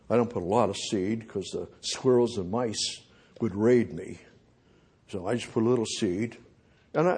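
Husky male preacher giving a sermon, moves between loud pleas and quiet asides, reads scripture slowly. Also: medium pitch. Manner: swings from loud pleading to quiet, drawn-out reading of scripture; rhetorical questions to the congregation.

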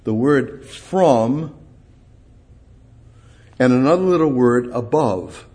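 Man, preacher, husky voice, emphatic, repeats words, sermon. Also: animated, slow pace. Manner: emphatic, repetitive, rising to loud high peaks. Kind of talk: sermon, Bible exposition.

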